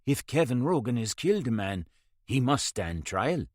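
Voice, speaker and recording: A man voicing a gentle village priest who speaks quietly and calmly. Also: lowish voice, moderate pace, no room sound, studio quality, natural voice. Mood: grave. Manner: quiet, soft, calm.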